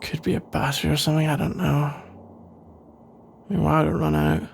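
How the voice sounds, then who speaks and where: A man playing a sarcastic young male office rival in an ASMR role-play, speaking in a dry, grumbling way with a gravelly voice. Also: a little high, flat delivery, fairly quick, exaggerated voice.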